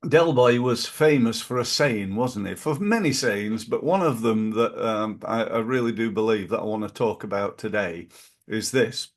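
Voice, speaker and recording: A middle-aged man, hosting a podcast in a casual motivational monologue and jumping his pitch up to stress key phrases. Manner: animated, punches quoted catchphrases with big pitch jumps. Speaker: podcast host.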